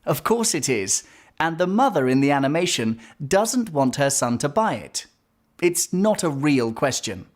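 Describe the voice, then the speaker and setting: A woman English teacher narrating a grammar lesson in a clear, explaining way. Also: deep voice, a little mellow. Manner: clear, explaining, reads examples aloud.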